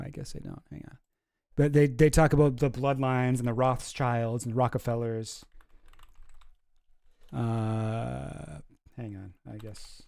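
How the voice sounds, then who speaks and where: A man giving relaxed, rambling commentary as he reacts to old clips. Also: mid-range voice, creaky, smooth, dry recording. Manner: laid-back rambling with many fillers. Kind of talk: casual commentary.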